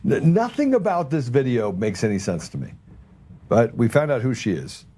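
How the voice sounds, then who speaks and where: A man's voice: medium pitch, sing-song, normal speed, mellow, husky. A man hosting a political talk show, casual and rambling, often sarcastic, repeating his words as he goes. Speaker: podcast host.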